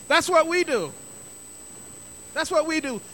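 A man's voice: extremely high pitch, fairly bright tone, slight background noise. A middle-aged man preaching a sermon as pastor, emphatic and repeating key phrases for stress.

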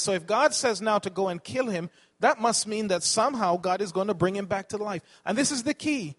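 A man's voice: sits high, animated, brisk, hardly any pauses, fairly bright tone. A man preaching a sermon, asking the congregation questions and correcting himself as he teaches.

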